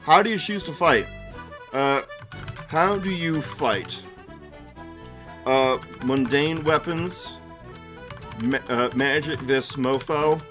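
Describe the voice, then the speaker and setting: A man's voice: a little high, slow pace, long pauses, a bit bright, faint music behind. A man running a tabletop game on a live stream, narrating animatedly, giggling, and chatting with his viewers.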